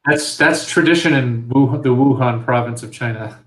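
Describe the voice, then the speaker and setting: A man's voice: mid-range voice, moderate pace, a bit bright. Man with dry jokes in an echoey room. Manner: dry joking. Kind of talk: casual chat over drinks.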